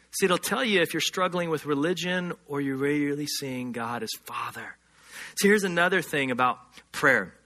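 Emphatic high-voiced male pastor. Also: pushed and bright. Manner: emphatic, repeats phrases, acts out little quoted voices. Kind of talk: sermon.

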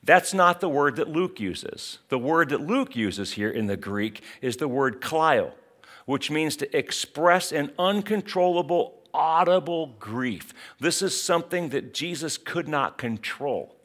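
A middle-aged man delivers a sermon in a slow, unhurried cadence. His voice rises and falls with wide, lively swings of pitch. He leans into rhetorical questions with emphatic, dramatic force. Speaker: pastor.

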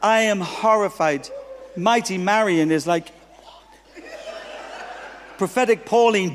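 A man's voice: high voice, takes it slowly, pauses often. A man preaching as a guest pastor, telling stories with humor and acting out the dialogue. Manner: animated, humorous, acts out dialogue. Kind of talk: sermon with storytelling. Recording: long reverb of a hall.

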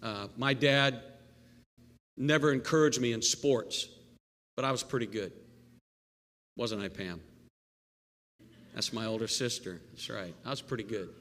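A male pastor giving a live sermon, animated and playful, with jokey asides and call-and-response with the congregation. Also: medium pitch, a little slow, pauses often. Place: church sanctuary. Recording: long reverb of a church hall.

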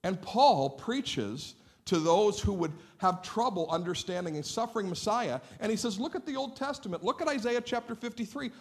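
A man preaching in a church, his voice rising and falling with great animation. He sits a little higher than most men and talks to the congregation in a conversational way, acting out what listeners might say. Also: expressive, normal speed, hardly any pauses. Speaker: pastor. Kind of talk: sermon. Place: church sanctuary.

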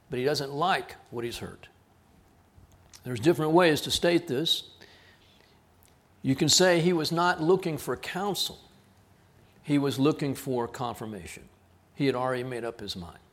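A man from South Texas, preaching a sermon as a pastor, with an earnest delivery that drops to quiet emphasis on key words. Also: medium pitch, a little slow, pauses often.

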